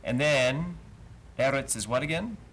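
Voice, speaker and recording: A man's voice: mid-range voice, a little slow, fairly bright tone, slight background noise. A man teaching a live class, patient and explaining step by step with many fillers. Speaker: Hebrew teacher. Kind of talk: live Bible language class. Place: congregation classroom.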